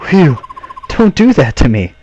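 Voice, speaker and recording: A man's voice: on the high side, big pitch swings, unhurried, a little mellow, muffled recording, slight background noise, voice pushed up. Man voicing an earnest young mercenary hero.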